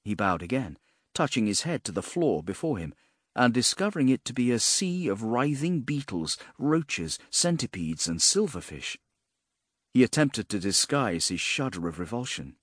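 A man narrating a fantasy audiobook in a measured, expressive way, with a husky voice. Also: mid-range voice, no room sound, clean studio sound.

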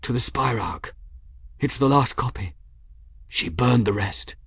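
A man reading the part of a dying old monk who speaks quietly through pain. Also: mid-range voice, expressive, unhurried, gravelly, breathy edge, no room sound, clean studio sound, voice pushed up, heavily acted. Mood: fading, gentle. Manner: quiet, pained, faltering. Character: dying old male monk, gentle, weak.

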